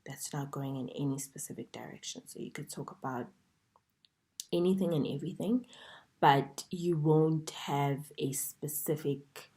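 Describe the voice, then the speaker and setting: A woman teaching an online masterclass in a chatty way, checking in with "okay?" and dropping into soft whispers at times. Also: low voice, a little slow. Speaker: dating coach.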